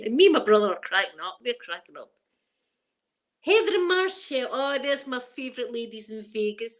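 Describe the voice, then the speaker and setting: A woman's voice: a little high, animated, a little fast. A middle-aged woman with a Scottish accent, hosting a livestream and rambling through funny stories, laughing often. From Scotland. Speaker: livestream host. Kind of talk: casual storytelling chat.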